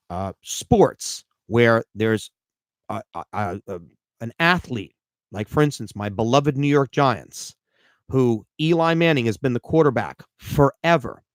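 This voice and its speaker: A man hosting a live podcast as a life coach, talking in an animated, rambling way with self-deprecating humor and frequent restarts. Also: medium pitch, slow pace, long pauses, no room sound, studio quality.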